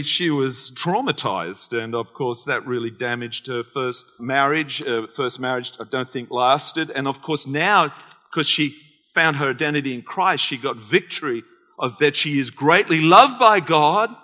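A man with an Australian accent preaching a sermon as pastor, animated and acting out conversations. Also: on the high side, measured pace. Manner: animated, acts out quoted conversations. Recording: long hall reverb.

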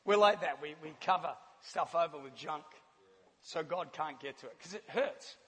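A man from New Zealand with a New Zealand accent giving a sermon with a personal testimony, an animated storyteller who laughs often. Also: on the high side, moderate pace. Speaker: church speaker. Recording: long hall reverb.

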